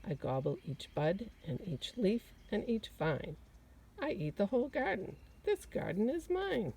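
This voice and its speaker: A woman's voice: medium pitch, big pitch swings, measured pace, gravelly, mellow, husky, recorded from a distance, voice pushed up, exaggerated voice. A woman voicing a greedy woodchuck in a read-aloud picture book, sniffy and gloating.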